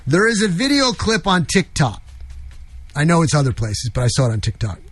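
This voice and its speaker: A man's voice: a little high, big pitch swings, fairly quick, a bit bright, slightly rough, dry recording. A man hosting an opinionated talk show, talking emphatically with frequent restarts. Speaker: show host.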